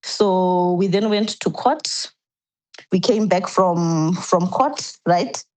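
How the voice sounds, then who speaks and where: A woman's voice: fairly low pitch, slow, a little mellow, low-quality recording. Earnest woman telling her own story. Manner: earnest, recounts events step by step with restarts. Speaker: podcast guest. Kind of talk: personal storytelling.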